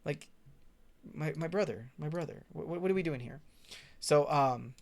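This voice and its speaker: Young male commentator, slightly high voice, sarcastic and swearing. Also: normal speed, gravelly. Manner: profane, ranting, sarcastic. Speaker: commentary streamer. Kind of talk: casual reaction commentary.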